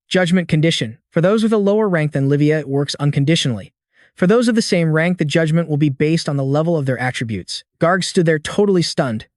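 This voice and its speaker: A man tells a comic story in a scripted recap, using casual slang and dramatic flair. His voice sits a little high. It is recorded very close and dry, with no room sound. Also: lively intonation, fairly quick, no echo. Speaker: narrator. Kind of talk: scripted manhwa recap narration.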